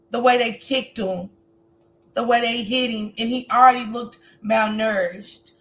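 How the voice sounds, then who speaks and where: A woman's voice: on the high side, fairly even intonation, a little slow, fairly bright tone. A woman hosting a livestream, talking straight to her viewers in an emotional, preaching way. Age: adult with a grown son. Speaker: livestream host. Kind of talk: casual livestream commentary.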